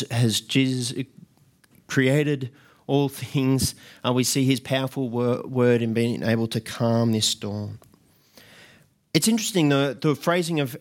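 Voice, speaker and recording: A man preaching a sermon in an earnest way, often restarting and repeating words as he goes. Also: medium pitch.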